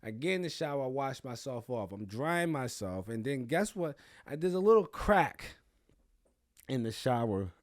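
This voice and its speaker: Young male host, mid-pitch, animated comic storyteller, profane and boastful, dry close mic. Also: moderate pace, no echo. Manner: animated, profane, crude bragging humor. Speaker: podcast host. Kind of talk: comedic storytelling.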